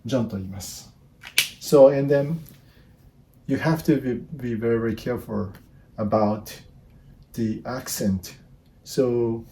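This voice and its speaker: A Japanese man in his fifties with a Japanese accent, teaching basic phrases in casual, halting English, often repeating words and restarting. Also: mid-range voice, warm tone. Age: 50s. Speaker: language teacher. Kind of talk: casual spoken lesson.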